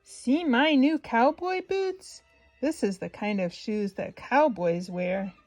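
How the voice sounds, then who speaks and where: Woman voicing an eager little storybook cowboy boy; high, loud, bouncy. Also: animated, measured pace, faint music behind. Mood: excited.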